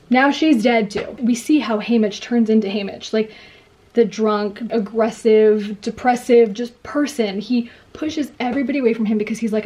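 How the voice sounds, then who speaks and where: A young woman chatting excitedly about a book she read while doing her makeup at home. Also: a little high, normal speed. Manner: gushing, excitable storytelling. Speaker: book vlogger. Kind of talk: get-ready-with-me book chat.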